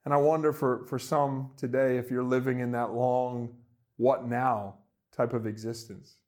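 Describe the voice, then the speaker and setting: A man preaching a sermon in an earnest way, rising to emphatic peaks and dropping to hushed, quiet tones. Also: mid-range voice, flat delivery, unhurried. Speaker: pastor.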